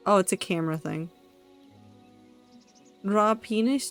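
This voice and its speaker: This is a woman live-streaming as she builds in a game, talking half to herself and half to her chat. She gets excited and over-dramatic about small discoveries. Her voice sits in a middle range, with faint music playing behind her. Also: medium pitch, unhurried, long pauses. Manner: excitable, thinks aloud, talks to herself and chat.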